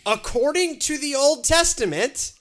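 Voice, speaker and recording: A man's voice: extremely high pitch, animated, measured pace, a bit bright. A man co-hosting a casual church discussion, talking through scripture with wry asides and lots of fillers. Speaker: pastor co-host.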